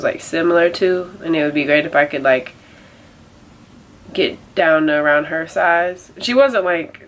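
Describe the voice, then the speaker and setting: A woman's voice: deep voice, low-quality recording. Nasal young woman rambling casually. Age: young adult. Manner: rambling, lots of "like" fillers, downbeat. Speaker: vlogger. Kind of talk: casual confessional vlog.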